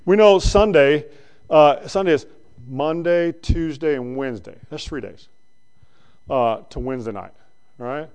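A male preacher giving a conversational sermon that swings between loud bursts and quiet asides. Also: on the high side, a little slow, pauses often, clear, resonant tone.

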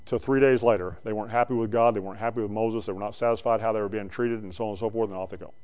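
A male preacher giving a conversational sermon that swings between loud bursts and quiet asides. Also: lowish voice, steady tone, very fast, clean tone, highs cut off.

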